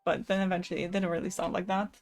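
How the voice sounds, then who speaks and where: A woman's voice: fairly low pitch, level tone, quick pace, soft background music. A young woman streaming live, chatting casually with viewers between card readings, laughing often and swearing now and then.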